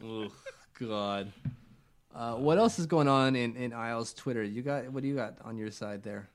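A man's voice: medium pitch, normal speed. A young man co-hosting a casual sports chat, joking and acting out silly voices as he talks. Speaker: podcast co-host.

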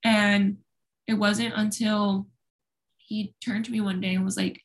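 A woman's voice: medium pitch, flat delivery, measured pace. A young woman speaking openly and at length as an interview guest, talkative and self-deprecating. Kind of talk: candid personal conversation.

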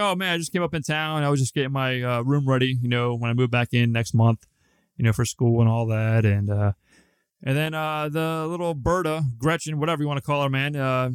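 Young man, podcast co-host, rambling casual storyteller, smooth clear voice, dry close mic. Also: mid-range voice, no echo. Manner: rambling, profane, laid-back storyteller.

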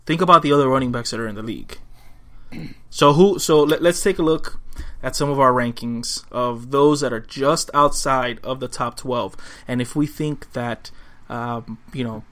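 A man's voice: medium pitch, moderate pace, a bit bright. A man co-hosting a podcast, chatting casually and reading listener questions. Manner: conversational, reads listener mail. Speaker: podcast co-host. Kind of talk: casual chat.

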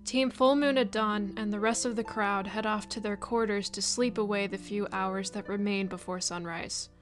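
A woman's voice: mid-range voice, fairly even intonation, normal speed, faint music behind. A woman running a tabletop game as game master, narrating in a hesitant way with many fillers and restarts.

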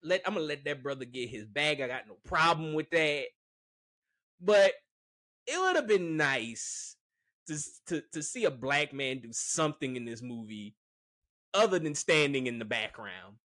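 Male reviewer, rambling and frank, somewhat high voice with lively ups and downs, dry sound. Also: unhurried, no echo. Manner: rambling, filler-heavy, frank. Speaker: movie reviewer. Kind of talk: casual opinion monologue.

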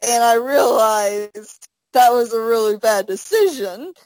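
A young woman co-hosts a casual podcast, her voice sitting a little high as she rambles through fillers and breaks into laughter. The sound is dry and close, with no room around it. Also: animated, slow pace, darkish tone, no echo, poor audio. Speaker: podcast co-host. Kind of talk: casual chat.

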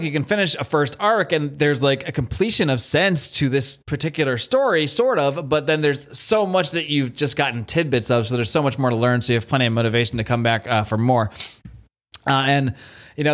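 A man co-hosting a casual podcast, recapping a comic book story with lively retellings and quoted lines. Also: a little high. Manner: animated retelling, acts out quotes. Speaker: podcast co-host.

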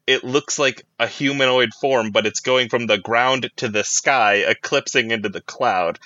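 A man's voice: medium pitch, normal speed, sharp tone, dry recording, muffled recording. Giggly man narrating a tabletop game. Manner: laughs often, hesitant with many "uh" and "like". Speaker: game master.

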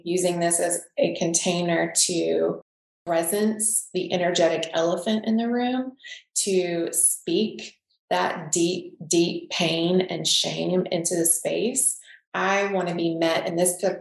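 A woman's voice: on the low side, vocal fry, echoey room, poor audio. A woman speaking openly and reflectively as a guest in a podcast conversation.

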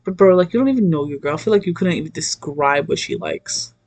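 An animated woman rants through a movie recap in a loose, casual way. Her talk is salted with swearing and she keeps slipping into the voices of the people she describes. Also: on the low side, fast. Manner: animated, profane, laughs often, acts out quotes.

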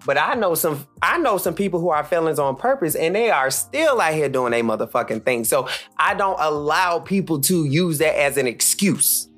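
A man's voice: animated, normal speed, hardly any pauses, fairly bright tone, soft background music. A man in his thirties from Charlotte, North Carolina, hosting a solo podcast as a blunt, heated rant full of cursing. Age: 30s. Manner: blunt, heated, cursing freely, swings pitch up for emphasis. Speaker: podcast host.

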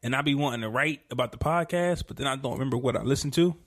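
Guy in his 30s cohosting a podcast, slangy and animated, mid pitch, dry close sound. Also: racing, dry recording. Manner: animated, slangy, jumps up in pitch when riled. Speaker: podcast co-host. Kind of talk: casual chat.

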